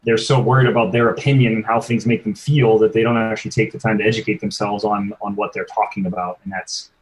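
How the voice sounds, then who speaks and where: A man with a fairly low voice, speaking as a guest in a podcast interview. He talks in an earnest, thoughtful way and states his views bluntly. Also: steady tone, fast, rough recording. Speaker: podcast guest, sports performance coach. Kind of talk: conversational interview.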